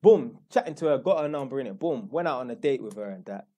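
A man's voice: medium pitch, expressive, fast talker, mellow. A young man with a London accent telling a rambling, slangy story in a blunt, casual way. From London, England. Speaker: YouTuber.

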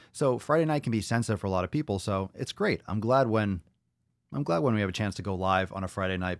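A man's voice: lowish voice, dry recording, clean studio sound. Profane joking man hosting a podcast. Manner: profane, joking, rambling, reacting to comments. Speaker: podcast host. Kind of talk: live-stream podcast chat.

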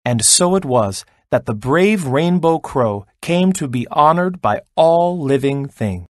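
Slow, expressive male storyteller. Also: a little high. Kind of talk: children's storybook read-aloud.

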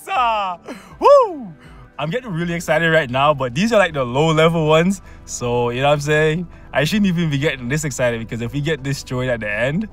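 A man hosting a gaming channel, talking through gameplay in a casual, excitable way, coaxing his luck with slang and bursting into cheers. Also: fairly high pitch. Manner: bursts into loud shouts and cheers when excited; coaxes the game with slang and pet names.

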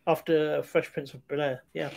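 A man with a fairly high voice talks through a film in loose, casual chat. He hesitates often, trailing off into fillers and restarting his sentences. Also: level tone, normal speed, creaky, a little mellow. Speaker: film review podcast co-host.

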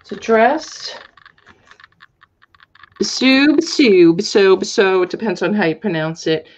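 A woman with a Long Island accent runs a live online sale in relaxed patter, calling out sizes and greeting buyers by name. Her voice sits in an ordinary middle register. The recording sounds a bit dull and muffled. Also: mid-range voice, moderate pace. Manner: chatty, reads out item sizes and buyer names. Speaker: host of a live resale auction.

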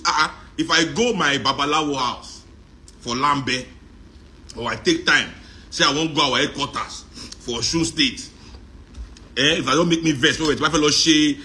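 A middle-aged Nigerian man with a Nigerian accent, talking in a joking, animated monologue that mixes in Pidgin and Yoruba. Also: a little high. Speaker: musician talking on a live stream. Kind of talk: casual monologue.

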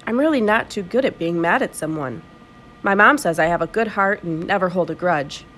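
A woman reading a children's novel aloud in an expressive storytelling voice. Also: fairly low pitch, fairly quick, slight background noise. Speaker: audiobook reader.

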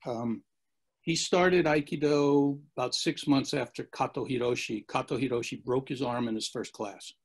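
A man's voice: medium pitch, normal speed, husky. A man as an interview guest, telling long rambling anecdotes and acting out the quotes. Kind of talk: storytelling in a podcast interview.

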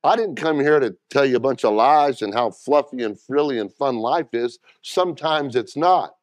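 Here a middle-aged pastor talks at normal speed with a medium pitch, recorded without room sound. His sermon is plain and direct, and he calls out to the congregation for responses.

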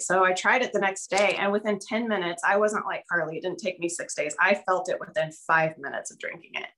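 On a casual video call, a middle-aged guest tells her own story at a normal pace with hardly any pauses, her mid-range voice a bit bright. She comes across as open but a little nervous, with fillers and occasional small laughs.

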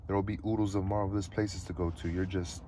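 A prim, annoyed teenage girl, voiced by a male reader answers in short scolding lines. The voice stays deep and level, never lifting much, and moves quickly. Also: little pitch movement, dark tone, slight background noise, lightly acted.

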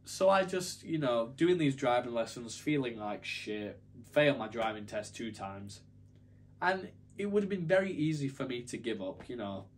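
A man's voice: medium pitch, animated, normal speed, slight background noise. A young man telling a story to camera in a casual, rambling, self-deprecating way. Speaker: YouTuber.

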